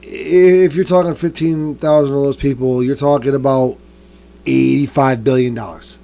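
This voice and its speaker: A man chatting casually on a podcast, an animated storyteller who gets loud and quick when excited. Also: medium pitch, gravelly. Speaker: podcast co-host.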